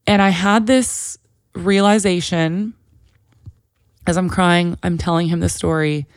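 The thirty-something podcast host recounts something personal, talkative and candid, her speech full of "like." She keeps a measured pace and fairly even intonation in a smooth, lower voice, captured in studio quality with no room sound.

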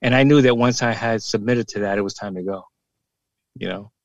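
A man in his forties, a former police officer, speaks bluntly and with emphasis, swearing freely and doubling his words as he makes a point. His voice sits low, and it is recorded dry and close with no room sound. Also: a little fast, no room sound, muffled recording. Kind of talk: casual podcast conversation.

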